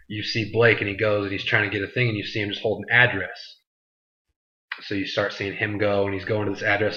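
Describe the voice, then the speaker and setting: A man's voice: lowish voice, sharp tone. A man hosting a vlog, recapping a movie in a loose, rambling way full of "like" and "you know". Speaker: vlog host reviewing a movie. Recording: dull lo-fi sound.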